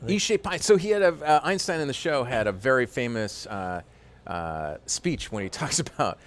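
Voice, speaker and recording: A man, a voice actor being interviewed, telling stories in a lively way with many fillers like "uh" and "you know". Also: medium pitch, moderate pace, slight background noise. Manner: animated storyteller with frequent fillers. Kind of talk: casual interview chat.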